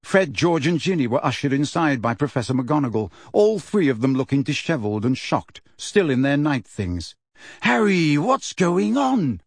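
Expressive male audiobook narrator, dry sound. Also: mid-range voice, moderate pace, hardly any pauses, no echo. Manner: expressive storytelling. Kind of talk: scripted narration.

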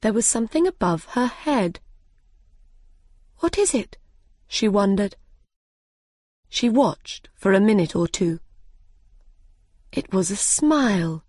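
A woman narrating a storybook in a clear, deliberate, expressive way. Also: medium pitch, no room sound, studio quality. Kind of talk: slow graded storybook reading.

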